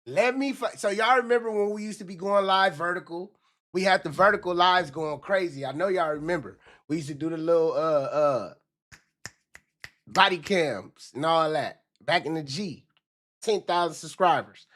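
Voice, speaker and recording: A man ranting on a livestream with loose, animated, repetitive talk, often slipping into mock voices. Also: on the high side, moderate pace. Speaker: livestream commentator.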